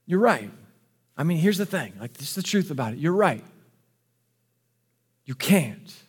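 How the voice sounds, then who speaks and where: A male pastor preaching a sermon, swinging between hushed, intimate passages and emphatic, rising declarations. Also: fairly high pitch, sing-song, a little slow, slightly rough. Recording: long hall reverb with faint music.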